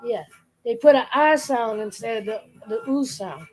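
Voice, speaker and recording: A woman with a Boston accent in casual chat, rambling and animated as she imitates accents. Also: a little high, normal speed, low-quality recording. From Boston area, Massachusetts. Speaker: streamer, co-host.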